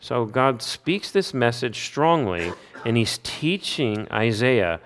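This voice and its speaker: A man's voice: mid-range voice, sing-song, takes it slowly, a bit bright. A man giving an expository Bible teaching, stressing points by repeating key phrases and posing rhetorical questions that he then answers himself. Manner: emphatic, asks rhetorical questions and answers them.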